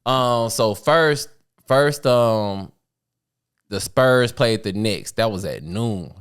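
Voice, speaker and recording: A man's voice: lowish voice, slow pace, smooth. A man co-hosting a podcast, telling stories in slangy casual chat with lots of laughter. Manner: slangy, laughing, animated storytelling. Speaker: podcast co-host.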